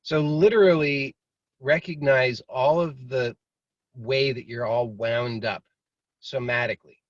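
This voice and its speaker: A man's voice: mid-range voice, steady tone, a little slow, dry recording. A man teaching in a casual, rambling way, now and then acting out inner voices. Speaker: meditation teacher. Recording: dry, slightly muffled video call audio.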